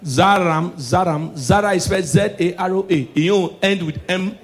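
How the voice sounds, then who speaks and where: High-voiced Nigerian comedian, loud and animated. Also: male voice, moderate pace. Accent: Nigerian Pidgin English. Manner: loud and animated, shouting punchlines. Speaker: stand-up comedian. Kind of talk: stand-up comedy set.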